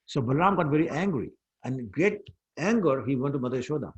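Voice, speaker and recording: Husky-voiced man telling scripture stories. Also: medium pitch, quick pace, dull audio. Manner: animated storytelling, mixing in Hindi words. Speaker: scripture class teacher. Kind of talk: storytelling scripture lesson.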